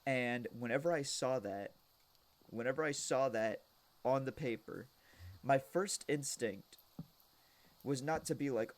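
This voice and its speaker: A young man chatting on a game stream, spinning a long, rambling anecdote in an ordinary mid-range voice. He restarts sentences often and builds up to loud, shouted punchlines. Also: medium pitch, a little slow, pauses often. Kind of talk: casual storytelling while gaming.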